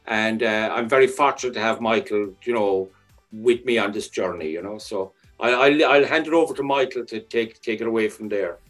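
A man's voice: lowish voice, moderate pace, a bit bright, soft background music. A man, a film director, talking loosely and modestly in a podcast interview.

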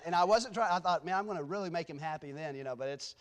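A man's voice: fairly high pitch, lively intonation, fast. A man speaking as a guest preacher in a church, telling rambling, self-deprecating stories with many restarts before his sermon. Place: church sanctuary.

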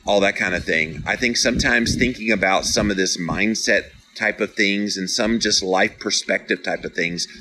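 A middle-aged man hosts a podcast, casually and earnestly encouraging listeners and reading out their live comments in a playfully dramatic motivational talk. His lowish voice has a sharp tone, and the recording is rough.

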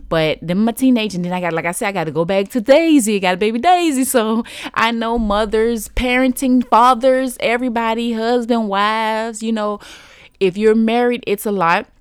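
A woman's voice: on the high side, normal speed, smooth, dry recording, clean studio sound. Chatty woman podcaster in her thirties. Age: 30s. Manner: chatty, encouraging, talks straight to listeners with "y'all". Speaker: podcast host. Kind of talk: casual solo podcast talk.

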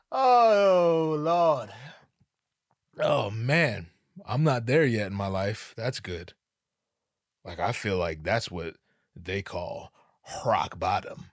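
A man's voice: on the low side, takes it slowly, no room sound, clean studio sound. A man hosting a podcast, cracking jokes in a casual monologue full of swearing and sudden put-on voices. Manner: profane, joking, slips into voices. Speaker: podcast host.

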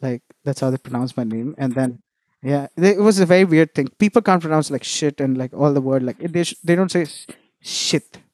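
Lively man telling stories. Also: fairly high pitch, fairly quick, no echo, studio quality. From India. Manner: animated storyteller, laughs often, restarts phrases. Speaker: musician guest. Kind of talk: casual interview chat.

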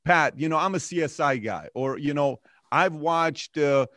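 A man hosting an interview in a casual, animated way, often stumbling and repeating his words. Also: a little high, unhurried, no room sound, studio quality. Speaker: interview host.

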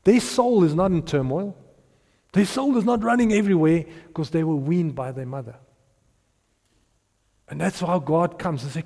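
Lively high-voiced South African pastor. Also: male voice, moderate pace, long pauses, big-room sound. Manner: animated, repeats himself, laughs between points, drops to hushed tones. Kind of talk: sermon.

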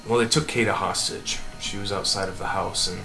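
A humble middle-aged farmer and father, polite and halting, full of ums, as a man plays him in his own low voice. He speaks in a tabletop game with music running clearly behind. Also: fairly even intonation, low-quality recording. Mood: somber. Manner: hesitant, polite, many ums.

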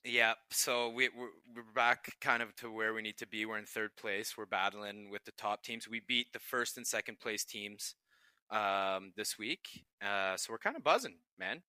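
Man, young adult, lowish voice, very bright tone, dry close sound, casual profane storytelling. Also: moderate pace, clear, resonant tone, dry recording. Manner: profane, laughing anecdotes. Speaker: podcast co-host, pro hockey player.

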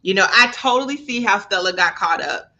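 A woman co-hosting a podcast, telling a travel story in an animated, profane, laughing way. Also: mid-range voice, brisk, dull audio. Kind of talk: casual storytelling chat.

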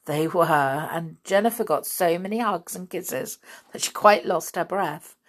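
A woman reading a children's novel aloud in a steady storytelling manner. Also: on the low side, unhurried. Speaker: narrator.

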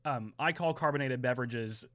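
A man's voice: medium pitch, a bit bright. Chatty man with a light Oklahoma twang. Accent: light Oklahoma Southern. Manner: rambling, fast, lots of fillers. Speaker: podcast co-host. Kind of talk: casual podcast chat.

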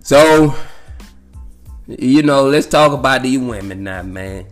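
A man's voice: mid-range voice, lively intonation, slow, soft background music. A man telling a rambling, profane story in a casual monologue, laughing often and leaning on fillers.

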